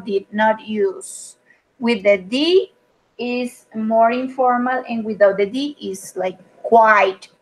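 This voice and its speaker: Slow, patient woman teaching online. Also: a little high, poor audio. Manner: patient, explanatory, with frequent fillers. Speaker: English teacher. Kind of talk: online grammar lesson.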